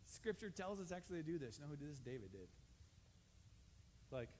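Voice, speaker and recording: A male pastor preaching a sermon in a conversational way, asking the congregation questions and rising to loud, emphatic passages. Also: fairly high pitch, very animated, fairly quick, a little hiss or hum. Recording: reverberant hall, faint ambience.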